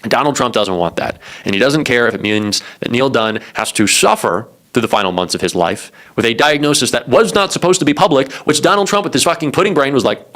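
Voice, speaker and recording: A man's voice: medium pitch, lively intonation, a little fast, hardly any pauses, a bit bright. A man giving sarcastic, mocking and profane political commentary.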